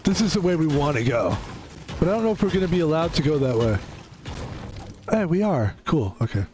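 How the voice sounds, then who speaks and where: A man streaming a game, hoarse while recovering his voice, rambling in a quiet hushed way. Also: fairly high pitch, very animated, fairly quick, noisy background. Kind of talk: casual gameplay commentary.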